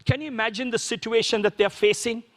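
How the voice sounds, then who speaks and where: A man preaches a sermon as a pastor, his voice pitched notably high for a man. He talks to the congregation conversationally and keeps asking them rhetorical questions. His words ring out with a long reverb in a church hall. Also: steady tone, fast, a bit bright. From Sri Lanka.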